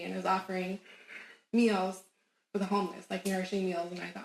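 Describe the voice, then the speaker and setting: Animated woman telling her story. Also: medium pitch, brisk, vocal fry, long pauses. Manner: animated, emphatic, laughs often. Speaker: guest. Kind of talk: casual storytelling interview. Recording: roomy echo.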